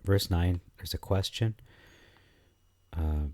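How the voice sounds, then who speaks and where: Man, low warm voice, casual study-style commentary, halting delivery. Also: no echo. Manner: thinking aloud, halting with frequent fillers and restarts. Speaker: scripture commentator.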